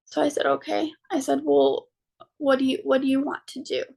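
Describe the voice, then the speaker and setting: Woman, podcast guest, very gravelly fry, somewhat high pitch, halting, many ums, recounting her own story. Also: little pitch movement, a little mellow. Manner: halting, frequent ums and restarts, quoting her own words. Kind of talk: personal story told in an interview.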